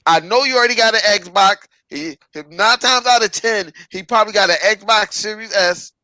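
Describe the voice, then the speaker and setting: Man, podcast host, profane preachy rant, bright ringing voice, dry close sound. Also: high-pitched, normal speed, dry recording, poor audio. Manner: profane, preachy, repeats "stop it". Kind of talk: ranting podcast commentary.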